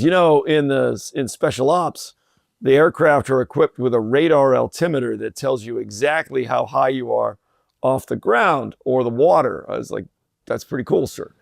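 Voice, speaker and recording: A middle-aged man telling a personal story in an interview, relaxed and full of fillers and restarts. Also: on the high side, gravelly, dry recording, studio quality. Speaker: podcast guest, company president. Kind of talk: conversational storytelling.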